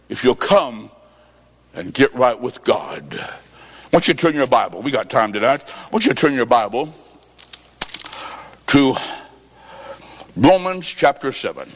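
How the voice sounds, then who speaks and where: A man preaching a sermon, telling stories and acting out both sides of a conversation, jokey and emphatic, swinging between loud and soft. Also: mid-range voice, very animated, unhurried, pauses often, long reverb tail.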